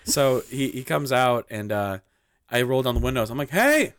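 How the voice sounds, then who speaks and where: Animated young man telling a story. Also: medium pitch, normal speed, slight background noise. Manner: animated, acts out quoted lines, heavy use of "like". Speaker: podcast co-host. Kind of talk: casual storytelling chat.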